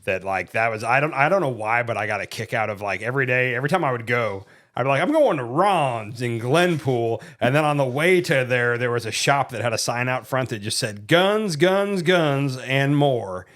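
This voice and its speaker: A man's voice: mid-range voice, fast, hardly any pauses, sharp tone. A man from Ohio co-hosting a casual podcast, telling rambling stories that trail off with "so, anyhow.". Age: adult dad. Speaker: podcast co-host. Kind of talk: casual chat.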